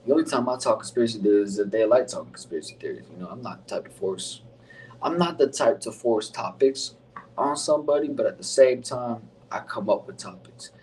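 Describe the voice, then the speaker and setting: A man's voice: fairly low pitch, expressive, a little fast, darkish tone, far from the mic, slight background noise, poor audio. Laid-back young man hosting a podcast. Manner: laid-back, rambling, slangy with frequent fillers. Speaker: podcast host. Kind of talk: casual solo podcast intro.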